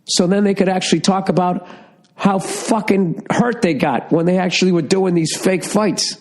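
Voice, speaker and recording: A man's voice: sits high, moderate pace. A middle-aged man from Massachusetts, stuffy and congested from a cold, ranting profanely and telling stories on his solo podcast. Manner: profane, ranting, storytelling, animated asides. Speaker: podcast host. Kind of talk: casual solo podcast rant. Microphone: studio podcast mic.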